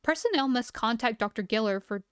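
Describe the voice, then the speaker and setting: A woman's voice: fairly high pitch, expressive, fairly quick, clear, resonant tone, dry recording, clean studio sound. A young woman streamer reading aloud and chatting casually, her voice a bit worn as she is losing it. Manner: chatty, reads aloud then reacts.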